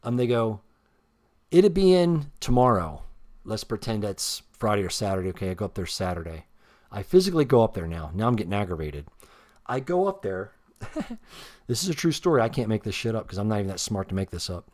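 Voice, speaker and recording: A man's voice: lowish voice, very animated, fast, a little mellow. A man telling a rambling, self-deprecating story full of swearing while he shows a custom figure he painted. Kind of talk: casual storytelling while showing his work.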